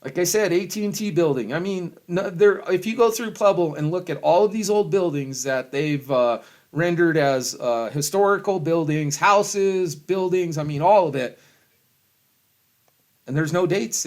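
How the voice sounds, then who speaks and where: A middle-aged man in a rambling, heavily profane rant to camera, with loud swings and frequent chuckles. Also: on the high side, moderate pace. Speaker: vlogger.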